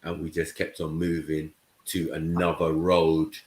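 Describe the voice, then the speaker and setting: Casting note: very low male voice, casual storyteller, echoey room. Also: completely flat delivery, measured pace, a little mellow. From England. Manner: storytelling, keeps checking in with "you know what I mean". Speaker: panel host. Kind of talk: casual panel chat.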